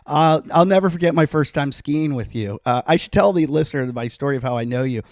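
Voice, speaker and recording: A middle-aged man hosting a podcast, telling a story in a casual, animated way and laughing often. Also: a little high, fast, no room sound, clean studio sound. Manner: animated, laughing, acts out quotes. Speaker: podcast host.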